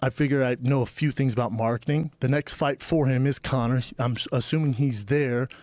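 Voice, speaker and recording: A man's voice: mid-range voice, fairly quick, no room sound. A man in his thirties, a podcast co-host, telling a story in casual chat and acting out the quoted back-and-forth. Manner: animated, acts out quoted exchanges.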